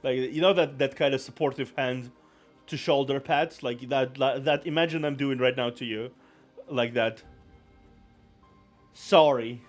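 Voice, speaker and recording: A man's voice: mid-range voice, a bit bright. A man chatting casually on a live stream, rambling and self-deprecating, apologizing often.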